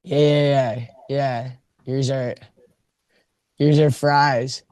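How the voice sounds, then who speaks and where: A man's voice: mid-range voice, flat delivery, drawn-out words, a little mellow, clear, resonant tone, dry recording. Easygoing man on a dry mic. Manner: easygoing, laughs often. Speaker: hockey player guest. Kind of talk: casual podcast chat.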